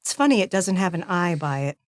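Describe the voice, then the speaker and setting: A woman's voice: lowish voice, very animated, a little fast, no echo, studio quality. A woman player in a tabletop role-playing game, talking casually with a giggly, playful manner.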